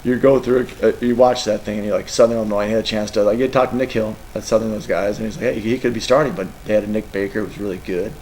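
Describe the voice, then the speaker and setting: A man's voice: fairly low pitch, steady tone, very fast, few pauses, darkish tone, a little hiss or hum, poor audio. A middle-aged man, a college football coach, answering press questions in an emotional, rambling way. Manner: emotional, rambling, tearful at times.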